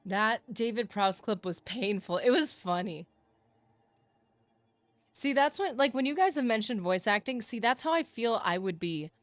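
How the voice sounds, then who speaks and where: A woman streamer chatting excitedly with her viewers while playing a fantasy game, animated and chatty on a close streaming mic. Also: on the high side, measured pace, no echo. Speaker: gaming streamer. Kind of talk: casual livestream chat.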